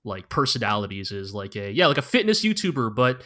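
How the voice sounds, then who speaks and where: A man's voice: medium pitch, very animated, brisk, fairly bright tone. A man co-hosting a podcast in casual chat, talking loosely with lots of filler words and tag questions. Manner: loose and rambling, lots of "like" and "right?". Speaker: podcast co-host.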